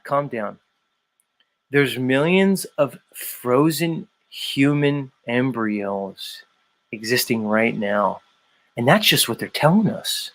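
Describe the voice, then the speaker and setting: A man's voice: medium pitch, fairly bright tone. A man hosting a livestream, ranting emphatically and swearing often. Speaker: livestream host. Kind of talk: profane rant.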